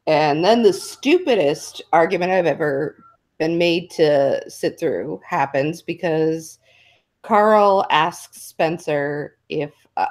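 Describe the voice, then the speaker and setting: A woman with a fairly low voice hosts a casual online panel. She recaps events with dry sarcasm and audible exasperation. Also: a little mellow. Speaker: host.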